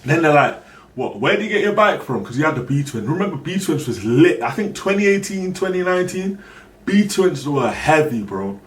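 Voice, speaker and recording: A young man, a streamer casually telling a story, acting out other people's lines and breaking into shouts. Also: on the high side, very animated, moderate pace. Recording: roomy echo, voice far from the mic, faint background noise.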